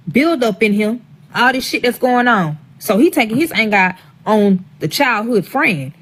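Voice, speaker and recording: Profane, dramatic woman telling a story. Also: medium pitch. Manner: profane, dramatic, talks to the audience directly. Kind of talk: casual storytime vlog.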